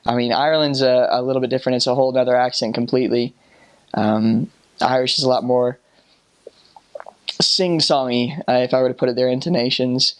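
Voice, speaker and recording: An American man recalls his years abroad in a relaxed, storytelling way. He stops and restarts often, filling gaps with ums and you-knows, at an ordinary middle pitch. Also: smooth. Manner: halting, with many restarts and fillers. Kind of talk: casual storytelling.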